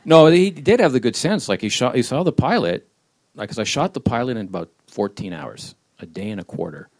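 A man with a middle-pitched voice that moves up and down a lot tells wry, rambling stories. He answers questions at a live panel event. He often slips into comic voices along the way. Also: animated, fairly quick, a little mellow. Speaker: comedy writer and show creator on a panel.

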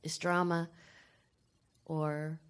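A woman's voice: low-pitched, little pitch movement, drawn-out words. A woman in the audience asks the panel a chatty, curious question. Her voice comes from some distance away from the microphone. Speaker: audience member.

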